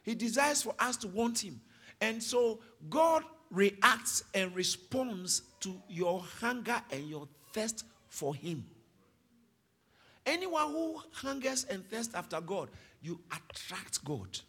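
Preacher guy with a real high voice, bright and a bit husky, goes quiet then loud at the crowd. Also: big pitch swings, slow pace. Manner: dynamic preaching, swings from soft to shouting, calls on the congregation. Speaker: pastor. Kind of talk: sermon. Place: church hall with congregation.

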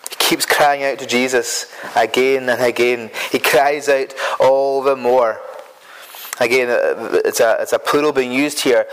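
A man's voice: medium pitch, a bit bright, poor audio. A man preaching an earnest sermon who often repeats himself and stumbles over words as he builds his points.

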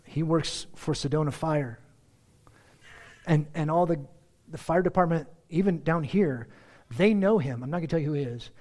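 A man preaching a sermon as pastor, conversational and animated, talking straight to his congregation. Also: fairly high pitch, normal speed, pauses often. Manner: animated, acts out everyday dialogue in different voices; conversational, addresses the congregation directly.

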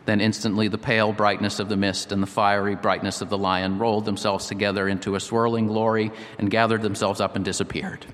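A man's voice: fairly low pitch, flat delivery, a little fast, few pauses, a bit bright. A man preaching a sermon, reading a story aloud and then appealing earnestly with rhythmic repetition. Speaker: pastor. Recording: long hall reverb.

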